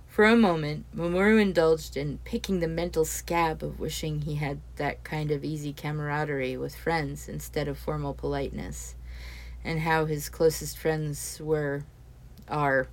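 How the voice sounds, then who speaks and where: A woman reading a story aloud as its narrator, steady and expressive. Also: low-pitched, moderate pace. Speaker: audiobook narrator.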